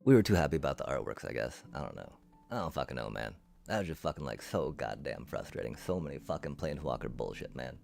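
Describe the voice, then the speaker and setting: Man, streamer, angry profane rant, very low pitch, soft music behind. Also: sing-song, fast talker, vocal fry. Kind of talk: ranting live-stream chat. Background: faint music.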